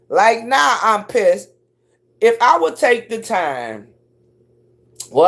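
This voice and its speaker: A middle-aged woman telling stories on a casual livestream, cursing freely and leaping up in pitch when she acts out what people said. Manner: profane, animated storyteller who swoops up high for quoted voices. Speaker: live streamer.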